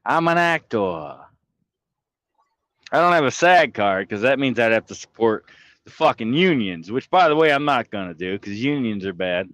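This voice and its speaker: Male streamer, dry close sound, theatrical fake-angry ranter with a lively pitch. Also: normal speed, dry recording, low-quality recording. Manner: theatrical, swings from mumbling to shouting; heavy swearing, mocking. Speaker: livestreamer. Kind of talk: profane livestream rant.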